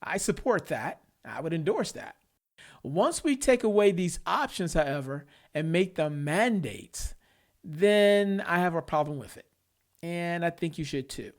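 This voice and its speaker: A man's voice: a little high, expressive, a little slow. A man hosting a solo podcast, giving his opinions in a conversational way and chuckling between points. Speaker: podcast host.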